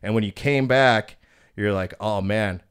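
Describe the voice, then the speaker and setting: A man's voice: lowish voice, measured pace, smooth, dry recording, clean studio sound. A man in his thirties hosting a podcast, telling a bouncer story in a blunt, profane, casual way.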